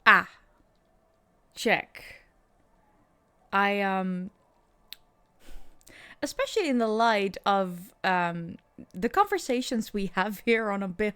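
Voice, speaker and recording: Slow-talking, laughing woman streamer. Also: mid-range voice, expressive, fairly bright tone, clean tone. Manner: chatty and laughing, reacting to chat. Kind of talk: casual livestream chat over gameplay.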